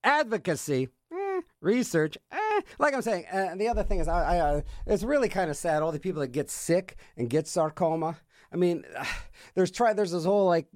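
A middle-aged man hosts a radio music show from a studio, his voice high-pitched with a darkish tone and no echo. He rambles casually, joking and sarcastic, into a studio microphone.

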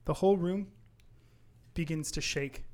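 A man narrating a tabletop game as game master in a calm, measured way. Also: on the high side.

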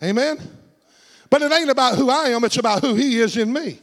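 A man preaching a sermon. He calls out for amens and swings from low, hushed asides to shouted climaxes. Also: brisk, big-room sound.

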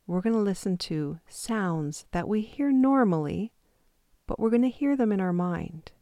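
A woman calmly and patiently leading a guided intuition exercise step by step, with the odd self-deprecating aside. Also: medium pitch, a little slow, no echo, clean studio sound. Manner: calm, patient step-by-step instructions. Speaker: intuition teacher.

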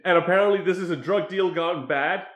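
A man casually recapping a film's plot, animated, often acting out quoted lines. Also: high voice, brisk, reverberant. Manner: animated retelling with acted quotes. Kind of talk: casual film recap chat.

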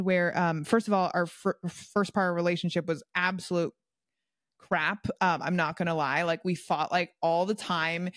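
A woman coach chats casually as an interview guest, laughing often and leaning on fillers as she thinks aloud. Her voice sits at a middle pitch. The sound is dry and close, with no room around it. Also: dry recording. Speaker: guest, personal development coach.

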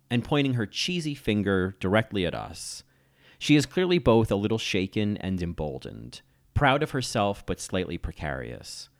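Low, lively-voiced man, TV critic reading a scripted essay, analytical. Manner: analytical, admiring. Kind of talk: scripted video-essay narration.

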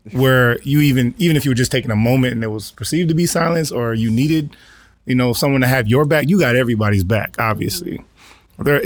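A man's voice: medium pitch, dry recording. Reflective male interviewer. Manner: measured, reflective, many soft "mm" backchannels. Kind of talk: interview questions.

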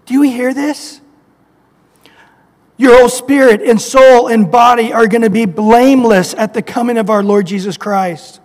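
Male preacher with a high voice, animated sermon delivery, recorded in an echoey hall. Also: moderate pace. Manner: animated storytelling with scripture citations.

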